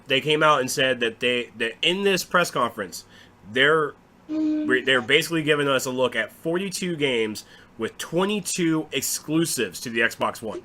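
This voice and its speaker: A man from the United States co-hosting a casual gaming chat, animated and sarcastic. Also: medium pitch, moderate pace. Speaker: podcast co-host.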